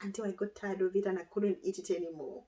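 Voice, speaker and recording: A woman's voice: mid-range voice, fairly even intonation, quick pace, far from the mic, over a noisy crowd, rough recording. A woman chatting casually as a guest, laughing often and trailing off as she tells her story. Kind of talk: casual chat.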